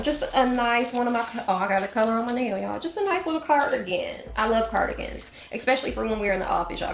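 A woman's voice: mid-range voice, vocal fry, reverberant. A middle-aged woman chatting casually to her viewers in a shopping haul video, talking to them directly as y'all. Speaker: vlogger.

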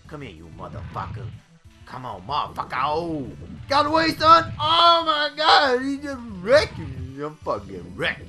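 A brash young-sounding gamer man trash-talks his way through a game, cursing and yelping at every hit. His voice is bright and swings wildly in pitch, sitting a bit high for a man. Quiet game music plays underneath. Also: a little slow. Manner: brash, profane, excitable trash talk; loud outbursts and yelps. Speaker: gaming YouTuber. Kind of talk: let's play commentary.

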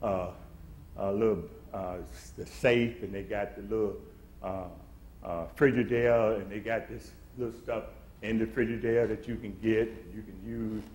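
A man's voice: lowish voice, steady tone, normal speed, a little mellow, a little hiss or hum. A man preaching a sermon, swelling into emphatic, acted-out quotes in a church. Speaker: pastor. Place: church sanctuary. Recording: echoey church room.

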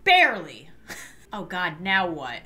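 A young woman narrates her own game session with a bright, sharp voice. Her reactions are squeamish and theatrical, and she laughs often. Her pitch leaps around constantly. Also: huge pitch swings, slow pace. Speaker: game commentator. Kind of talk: let's-play commentary.

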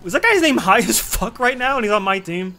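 A young man giving excitable, swearing, self-mocking commentary while he plays a game. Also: high-pitched, fairly quick. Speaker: gamer. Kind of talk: casual gameplay commentary.

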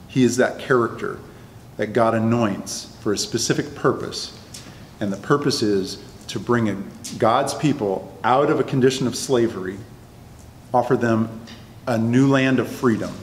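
A man teaching a Bible study class to a live group, talking conversationally and often checking that the class is following. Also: medium pitch. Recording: echoey room, long reverb, faint noise.

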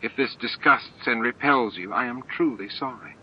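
A man voicing a calm, composed woman of firm resolve in a homemade audiobook, speaking evenly and plainly. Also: medium pitch, muffled recording, lightly acted. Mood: earnest. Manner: even, measured, plain-spoken.

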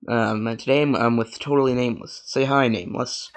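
A man's voice: medium pitch, steady tone, a little fast. A man hosting a casual let's play, stammering and repeating words as he comments. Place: home desk with a noisy laptop. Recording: noisy home recording with clicks.

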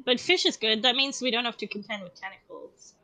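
A woman's voice: on the high side, a little fast, sharp tone, no room sound. A woman player in a tabletop game, chatting and joking casually.

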